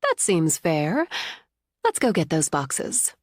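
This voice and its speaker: A woman's voice: lowish voice, huge pitch swings, slow, no echo, exaggerated voice. A woman voicing a loving, protective middle-aged mother who is fiercely indignant on her daughter's behalf, read in an audiobook with a dry, close sound. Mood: reflective. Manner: warm, soothing, indignant.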